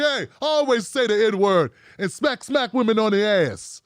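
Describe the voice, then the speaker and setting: Animated, mocking male commentator. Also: high-pitched, moderate pace, hardly any pauses, no echo, clean studio sound. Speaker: political commentator. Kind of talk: casual political commentary vlog.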